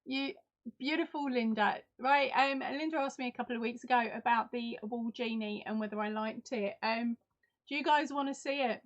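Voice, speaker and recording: Woman chatting away on a craft livestream, greeting viewers, a bit high, kinda muffled audio. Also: moderate pace. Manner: chatty, answers viewer comments while crafting. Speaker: host. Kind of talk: casual live-stream chat.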